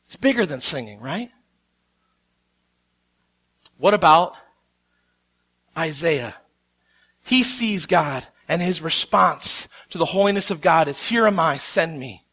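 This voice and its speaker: A man in his thirties preaching a sermon, telling a story with animated quotes. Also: fairly high pitch, takes it slowly, long pauses, breathy edge. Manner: animated storytelling, acts out quotes with rising intensity. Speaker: pastor.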